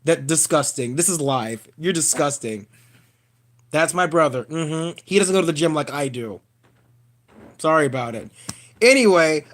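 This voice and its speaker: A man ranting casually on a live stream, animated and profane, calling his viewers y'all. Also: on the high side. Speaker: vlogger.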